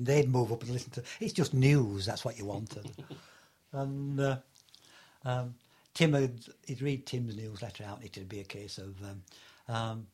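A man's voice: medium pitch, warm tone, slightly rough. An older man from England telling anecdotes in an oral history interview, rambling with many fillers and bursts of laughter. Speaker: interviewee recalling Antarctic fieldwork.

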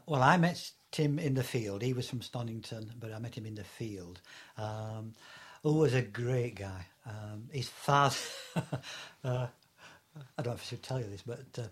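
An older man from England telling anecdotes in an oral history interview, rambling with many fillers and bursts of laughter. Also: medium pitch. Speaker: interviewee recalling Antarctic fieldwork.

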